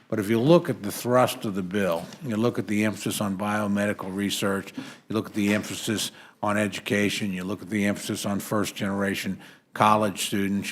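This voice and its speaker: A man testifying before a committee, giving formal remarks in a measured, earnest way with many "uh" pauses. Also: fairly low pitch. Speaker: congressman testifying at a committee hearing. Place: committee hearing room.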